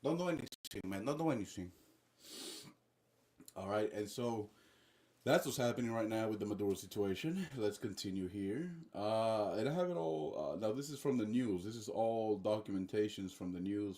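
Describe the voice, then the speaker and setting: A man's voice: lowish voice, normal speed, dark tone. A man ranting casually on a livestream as political commentator, profane and rambling, constantly saying guys and bro.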